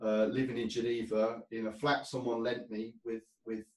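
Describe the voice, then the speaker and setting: A man's voice: medium pitch, level tone, normal speed, a little mellow, echoey room, far from the mic, rough recording. A man telling stories from his career in a casual interview, rambling, laughing often and restarting his sentences. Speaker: interview guest. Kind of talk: casual storytelling.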